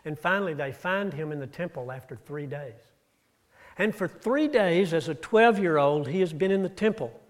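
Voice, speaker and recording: Male preacher, slightly high voice, storytelling sermon delivery with rises and drops. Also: expressive, moderate pace. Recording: audio-only church recording.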